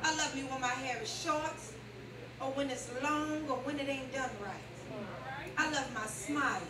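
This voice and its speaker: On a comedy club stage before a live audience, a woman with a high-pitched voice performs stand-up and a spoken-word poem at normal speed. She's sassy and playful and leads the crowd in call-and-response. Her handheld stage mic is heard from a distance in an echoey club, with a loud crowd and background noise.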